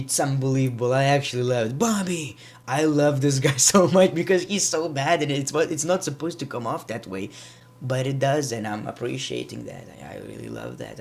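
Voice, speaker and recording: A man's voice: mid-range voice, creaky. A man giving a casual, rambling wrestling review, with frequent restarts and repeated words. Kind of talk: casual vlog commentary.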